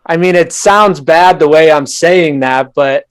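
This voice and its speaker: A man's voice: on the high side, unhurried, clear, resonant tone. A man hosting a casual podcast chat, laid-back and slangy, reminiscing with friends. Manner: laid-back, says "dude" and "bro" a lot.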